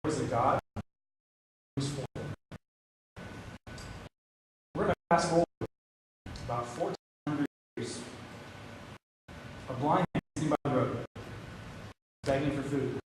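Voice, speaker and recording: A man's voice: slow, pauses often. Man preaching in an echoey hall. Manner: storytelling preacher, voicing quoted lines with rising pitch. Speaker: pastor. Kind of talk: sermon. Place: church sanctuary. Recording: echoey hall from far off with noise.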